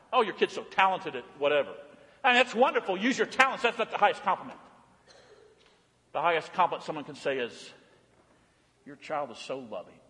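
A male pastor preaching a sermon, swinging between loud emphatic calls and soft hushed passages. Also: on the high side. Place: church. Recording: long church reverb.

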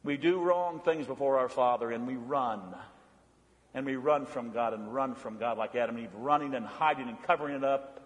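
A man preaching a sermon, emphatic and repetitive, swinging between loud declarations and hushed lines. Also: medium pitch, moderate pace, highs cut off. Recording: long hall reverb.

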